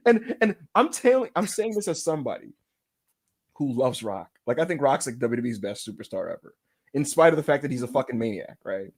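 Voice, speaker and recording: This man co-hosts a wrestling podcast, and his medium-pitched, slightly rough voice moves at a brisk clip. His rant is casual, full of swearing, and delivered as lively, over-the-top storytelling.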